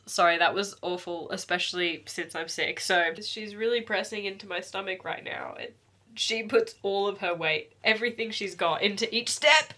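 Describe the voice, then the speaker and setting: A woman's voice: mid-range voice, normal speed, pushed and bright. Gushing young woman book vlogger. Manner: gushing, emotional, chatty. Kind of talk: casual spoken vlog.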